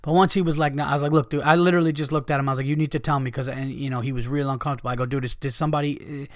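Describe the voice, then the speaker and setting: A man hosting a podcast, telling a story in a loose, animated way, swearing often and acting out what other people said. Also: mid-range voice, rapid-fire, no room sound, studio quality. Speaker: comedian and podcast host. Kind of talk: casual storytelling monologue.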